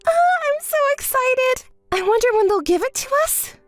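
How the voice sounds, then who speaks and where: A woman voicing a spoiled, entitled young woman who whines and shouts shrilly. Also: very high voice, big pitch swings, a little slow, no room sound, faint music behind, voice pushed up, exaggerated voice. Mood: giddy.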